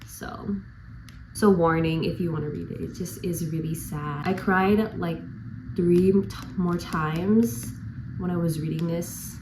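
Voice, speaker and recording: A woman's voice: lowish voice, background noise. A young woman chatting casually in a home book vlog, gushing about books and dropping to a near-whisper at sad parts. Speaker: book vlogger. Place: at home, bedroom.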